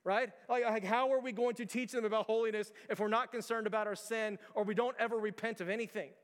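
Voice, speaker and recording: A man preaching in a church sanctuary, his voice notably high for a man. He is earnest and insistent, hammering home repeated rhetorical questions to his congregation. A long hall reverb trails every phrase. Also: fairly even intonation, fast talker, smooth. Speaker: pastor. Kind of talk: sermon.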